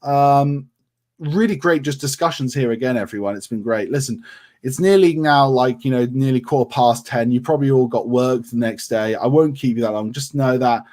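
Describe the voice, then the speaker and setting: A man's voice: medium pitch, normal speed, darkish tone. Chatty English man hosting a livestream. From England, grew up around Milton Keynes. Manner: friendly, chatty, many ums, reads comments aloud. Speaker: livestream host answering viewer questions. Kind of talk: casual livestream chat. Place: home in North Yorkshire.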